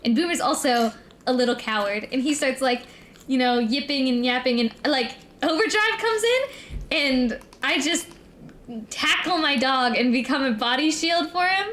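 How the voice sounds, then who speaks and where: A woman's voice: high-pitched, normal speed, fairly bright tone, slight background noise. A young adult woman streamer telling a long rambling story in casual chat, full of "like" and "um". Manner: rambling, filler-heavy storytelling.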